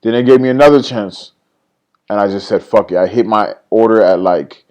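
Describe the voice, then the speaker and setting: A young man recapping his day trades in a casual screen-share vlog, rambling, swearing and blaming himself, and voicing his own past thoughts in an excited, higher voice. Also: moderate pace. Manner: rambling, self-critical, swears freely, trails off and restarts.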